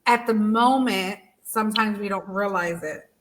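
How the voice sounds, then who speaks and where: A woman's voice: mid-range voice, a little slow. Affirming woman podcast host. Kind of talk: interview conversation.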